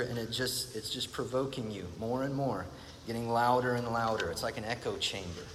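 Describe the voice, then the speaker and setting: A man's voice: mid-range voice, fairly bright tone. Earnest preaching man in a reverberant space. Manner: earnest, reflective, repeats phrases for emphasis. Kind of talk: sermon. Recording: long reverb, faint background noise.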